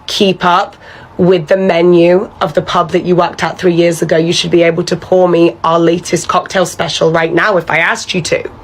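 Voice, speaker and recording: A woman's voice: on the low side, level tone, moderate pace, natural voice, poor audio. A woman playing a bossy, entitled female pub manager who talks down to her staff in a condescending way. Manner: condescending, patronizing, relentless. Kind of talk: comedy sketch acting.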